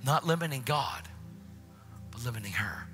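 Animated preacher with a bright voice. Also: male voice, mid-range voice, moderate pace, soft background music. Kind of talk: storytelling sermon. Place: church.

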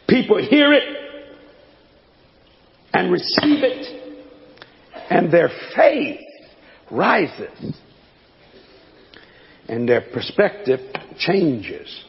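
An older man preaching a sermon, swinging between shouts and low folksy asides, with a gravelly voice. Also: wildly swooping pitch, very slow, long pauses, in a large hall, lo-fi sound.

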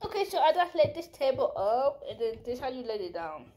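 Animated young woman rambling a storytime. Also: high-pitched, a little fast, slight background noise. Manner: rambling, animated, swears freely, slangy. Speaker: vlogger. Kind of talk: casual storytime vlog. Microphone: headphone mic.

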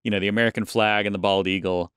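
A man's voice: on the low side, steady tone, fast, a bit bright, clean tone, no echo, studio quality. A man co-hosting a podcast, chatting casually and rambling with many restarts. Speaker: podcast co-host. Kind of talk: casual chat.

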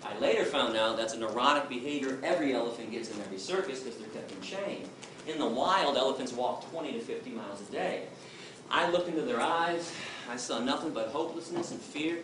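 A man giving a forceful, emphatic answer to an audience question as an activist lecturer, voicing quotes with a lot of emphasis. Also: mid-range voice, animated, a little fast. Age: 20s. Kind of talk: impassioned Q&A answer. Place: large lecture hall. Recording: very echoey hall from far off, noisy.

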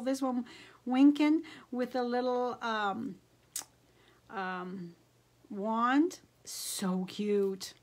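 A woman's voice: a little high, slow pace. A middle-aged woman craft vlogger chatting casually while unboxing supplies, gushing and easily delighted.

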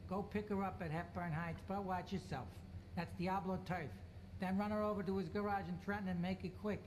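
A man playing a gruff mob pimp boss. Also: high voice, steady tone, fairly quick, a little hiss or hum, natural voice. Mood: brusque. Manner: curt, demanding orders. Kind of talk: video game cutscene acting.

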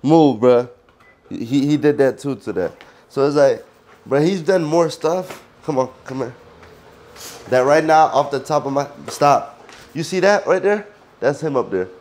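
A man's voice: mid-range voice, a little slow, pauses often, darkish tone. Chatty man vlogging at home. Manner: loose and chatty, stumbles and repeats words; gives the dog firm repeated commands. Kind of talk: casual home vlog. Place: at home, indoors.

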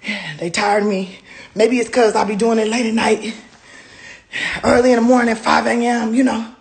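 A woman ranting into her phone camera in casual speech, swearing and breaking into high-pitched wails and shouts. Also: steady tone, moderate pace, gravelly. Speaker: comedian venting on social media. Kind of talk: ranting selfie video.

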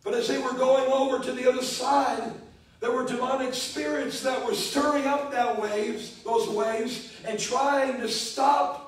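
A man's voice: very high voice, steady tone, measured pace. A man preaching a sermon as pastor, speaking emphatically and repeating key words. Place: church sanctuary. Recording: echoey church, distant mic.

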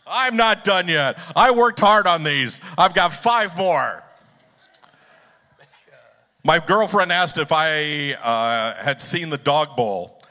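A man's voice: fairly high pitch, animated, takes it slowly, long pauses, sharp tone. Wry man telling corny jokes on stage. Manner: corny, wry, teasing the crowd. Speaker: joke contest entrant. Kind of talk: live stage joke-telling. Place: theater stage, live event. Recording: long theater hall reverb.

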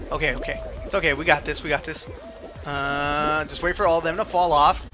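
A man giving excited, animated commentary over his own gameplay, yelping and laughing at his mishaps. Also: fairly high pitch, fairly quick, faint music behind. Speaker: gaming video host.

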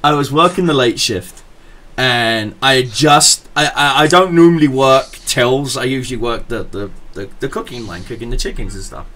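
A man's voice: mid-range voice, normal speed, pushed and bright. A young man, hosting a podcast and telling a crude story in a loose, laughing way. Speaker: podcast host. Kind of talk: casual storytelling.

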